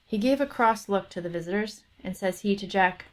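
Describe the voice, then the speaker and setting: A woman narrating a fairy tale aloud on a book club stream in a steady storytelling manner. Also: medium pitch, a little fast.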